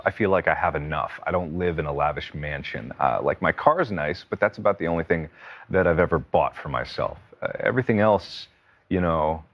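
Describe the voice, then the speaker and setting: A man in his thirties speaks with a deep, notably low voice. His answers come candidly and a little halting, full of fillers and restarts. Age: 30s. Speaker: interview guest. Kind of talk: casual interview.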